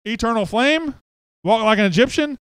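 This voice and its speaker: A man's voice: very high-pitched, lively intonation, moderate pace, fairly bright tone, slight background noise. A man hosting a sports podcast, chatty and joking as he reads viewer comments aloud. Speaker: podcast host. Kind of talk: casual sports podcast chat.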